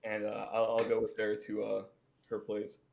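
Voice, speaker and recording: A man's voice: fairly low pitch, completely flat delivery, normal speed, creaky, a little mellow. A man playing a tabletop game in an easygoing, laid-back way. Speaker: player. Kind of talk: casual tabletop play.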